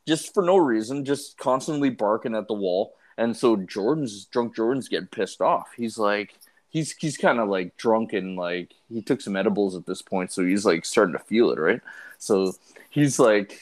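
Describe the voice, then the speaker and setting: A man co-hosting a casual podcast, telling stories in an animated way and swearing freely. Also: fairly low pitch. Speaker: podcast co-host.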